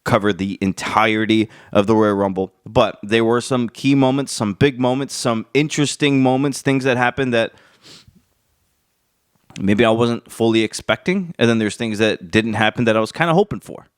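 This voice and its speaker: A man hosting his wrestling channel with casual vlog commentary. He talks with energy and emphatic, animated jumps in pitch, and his voice is stuffy and congested from a cold. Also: normal speed, clean tone, dry recording, clean studio sound.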